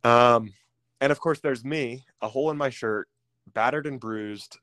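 A man candidly telling a personal story as an interview guest, pausing often with ums and restarting phrases. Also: medium pitch, fairly bright tone, no echo. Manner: halting, with frequent ums and restarts.

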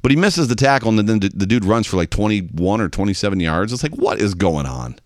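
A man's voice: lowish voice, a little fast, no room sound, clean studio sound. A man hosting a sports talk show, delivering an exasperated fan's monologue. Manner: animated, exasperated fan ranting. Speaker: podcast host.

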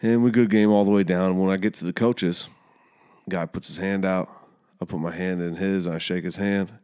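Deep-voiced man telling a heated story. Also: steady tone, moderate pace, a little mellow, smooth. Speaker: youth soccer coach and podcast host. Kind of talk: casual storytelling.

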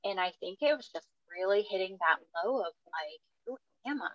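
A woman's voice: medium pitch, expressive, normal speed, dry recording. Candid mom telling her story, slightly dull sound. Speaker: guest. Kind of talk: casual podcast conversation.

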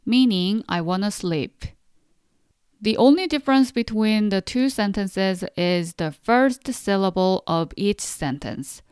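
A young woman teaches a podcast language lesson with a patient, encouraging manner. Her voice is remarkably smooth and resonant, and it sits close and dry with no room sound. She slows down on each word so listeners can repeat after her. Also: mid-range voice, animated, a little mellow, no echo. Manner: patient, encouraging, pronounces words slowly for repetition.

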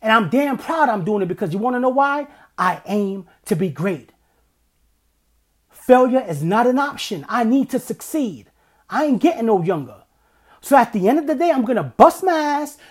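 A man's voice: very high voice, breathy edge. A middle-aged man hosting a podcast, giving a blunt, emphatic motivational monologue and swearing freely. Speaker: podcast host.

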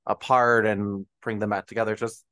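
Laughing, low-voiced male podcast host. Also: normal speed, clean tone, no echo. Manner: animated, laughs often, rambling with fillers. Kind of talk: casual film review chat.

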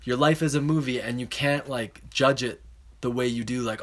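A man musing out loud in a casual podcast chat, with "like" in nearly every sentence. He sinks low and soft as he reflects. His pitch sits in a middle range. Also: fairly even intonation, moderate pace. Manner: heavy "like" filler, drops low and soft when reflecting. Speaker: podcast co-host.

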